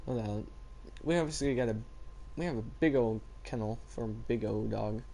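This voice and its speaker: A man's voice: mid-range voice, normal speed, vocal fry, mellow. A teenage boy chatting casually and rambling as he tells stories in a vlog. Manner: rambling, laid-back storytelling. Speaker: vlogger. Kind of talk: casual chat.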